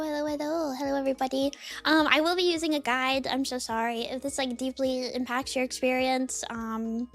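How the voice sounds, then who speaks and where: Very high-pitched bubbly woman streamer. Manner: bubbly, filler-heavy, greets viewers one by one. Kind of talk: casual live-stream chat. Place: home desk.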